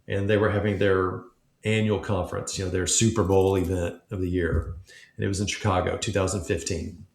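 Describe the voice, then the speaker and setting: A man from Memphis, a podcast guest, telling a long story in a relaxed way and acting out quoted dialogue as he goes. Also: sits low, fairly quick, creaky. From Memphis, United States. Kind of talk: casual storytelling. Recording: echoey room.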